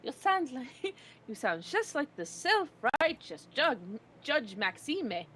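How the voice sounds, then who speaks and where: A woman voicing a vain, touchy male photographer from a game with a put-on Italian accent and a lively, indignant delivery. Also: high voice, slow, full character voice. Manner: indignant and boastful. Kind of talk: reading a game aloud on stream.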